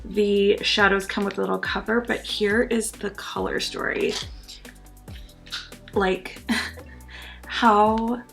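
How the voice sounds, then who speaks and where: Woman vlogger, eager and chatty, slight gravel in the voice, soft background music. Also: mid-range voice, little pitch movement, a little slow, pauses often. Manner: chatty and enthusiastic, frequent ums and laughs. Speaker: beauty vlogger. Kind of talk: casual product review.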